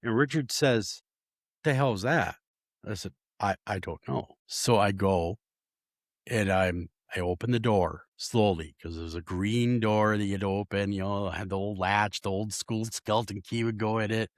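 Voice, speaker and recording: A man's voice: fairly low pitch, moderate pace, dry recording, studio quality. A man, a paranormal investigator, telling a story in casual talk and acting out the voices of the people in it. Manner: animated, acts out voices in his story.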